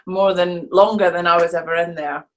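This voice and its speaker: A woman from Scotland with a softened Scottish accent, chatting casually as an interview guest over a video call, laughing often and restarting her sentences. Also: on the low side, fairly even intonation, normal speed, highs cut off. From Scotland (Fife). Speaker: interview guest, stage actress.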